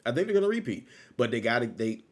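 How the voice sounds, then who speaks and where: A man's voice: medium pitch, big pitch swings, fast. Rambling man on a casual livestream. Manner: loose, rambling, repeats phrases, laughs easily. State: still low on energy after illness. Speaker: livestream host.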